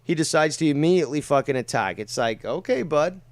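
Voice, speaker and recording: Sarcastic man, smooth and dry. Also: mid-range voice, fast, no echo. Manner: sarcastic, profane. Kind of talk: casual chat.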